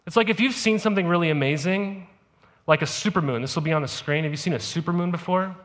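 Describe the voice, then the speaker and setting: A man's voice: sits high, fast, fairly bright tone. A male pastor preaching a sermon in a conversational way, often checking in with "right?". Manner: conversational, peppered with "right?" asides. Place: church service.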